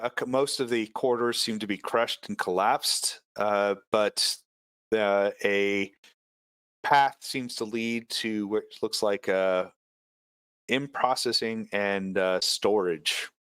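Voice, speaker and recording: A man's voice: lowish voice, fairly bright tone, clean tone, no echo. A man narrating a tabletop game as game master, hesitant and full of filler sounds.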